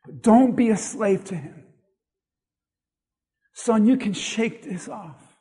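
A man's voice: high-pitched, expressive, takes it slowly, dark tone, breathy edge, full character voice. Tender aging father, earnest and consoling, put on by a preacher, echoing in a large hall.

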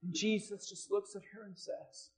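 A male pastor preaching a sermon, swinging from quiet scripture reading to shouted, fervent preaching. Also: high voice, little pitch movement, moderate pace, breathy edge.

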